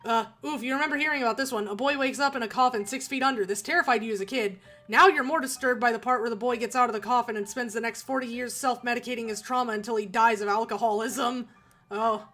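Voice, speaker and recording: A woman streamer playing a game, reading its text aloud in a chatty, giggly, halting way. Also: fairly high pitch, pushed and bright, soft background music.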